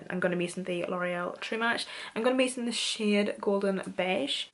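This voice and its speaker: A woman's voice: medium pitch, a little fast, hardly any pauses, fairly bright tone. A young woman from Northern Ireland with a Northern Irish accent, talking casually through a makeup tutorial in a chatty, self-deprecating way. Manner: chatty, self-deprecating, says "wee" a lot. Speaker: beauty vlogger.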